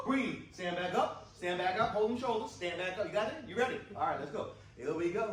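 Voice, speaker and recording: A man's voice: high voice, animated, brisk, few pauses. A man leading a live workshop exercise, coaching a partner and the audience with encouraging, repetitive phrases. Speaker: workshop facilitator. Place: large indoor workshop room. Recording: echoey room mic from far off.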